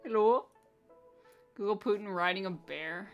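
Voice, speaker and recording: A woman streaming live, talking loosely to her chat at a middle pitch. She is crude and teasing, with a lot of "like" and swearing. Soft music plays faintly underneath. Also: a little slow, muffled recording. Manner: profane, blunt and teasing, with a lot of filler "like". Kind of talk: casual live-stream chat, reacting to viewer messages.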